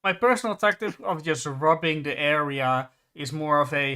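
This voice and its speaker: Man, fairly high voice, casual stream chat, stops and restarts mid-word. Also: bright, forceful tone. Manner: halting, breaks off and restarts words. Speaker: stream co-host.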